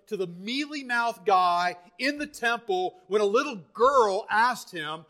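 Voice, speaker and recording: Fervent high-voiced male preacher. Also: animated, a little slow, few pauses. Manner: fervent, building to loud emphatic peaks; repeats words and restarts phrases. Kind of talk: sermon.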